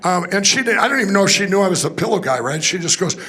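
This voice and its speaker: A man giving a personal testimony at a conference, telling his story in an excitable, rambling way with many restarts and laughs. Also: high voice, racing, slightly rough. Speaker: conference speaker. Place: conference hall stage.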